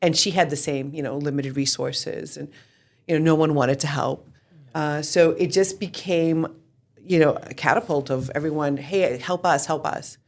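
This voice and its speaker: A woman's voice: sits low, steady tone, normal speed. A woman in her forties, the guest of an interview, telling her story candidly and animatedly, swearing freely. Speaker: real estate team founder, guest.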